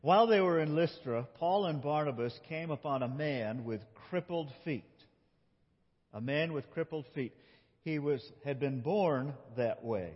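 A male pastor with a fairly high, slightly rough voice leads children through acting out a scripture story, playful and animated as he talks with them. It's recorded dully in a large, reverberant church sanctuary.

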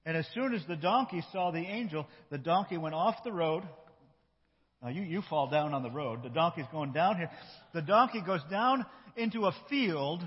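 A man acting out a Bible story with children in a church, animated and coaching his young helpers. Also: a little high, normal speed, husky. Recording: echoey hall, dull lo-fi sound.

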